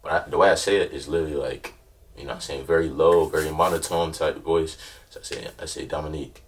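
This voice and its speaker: Laid-back young man, low voice, storytime. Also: steady tone, quick pace, far from the mic, a little hiss or hum. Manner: laid-back slangy storytelling with constant check-ins. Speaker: vlogger. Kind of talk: casual storytime.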